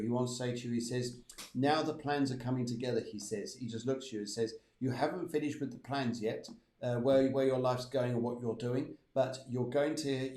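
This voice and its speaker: Man medium in an echoey room. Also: medium pitch. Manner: chatty, reads out viewer requests. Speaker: medium and show host. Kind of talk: live spiritual readings.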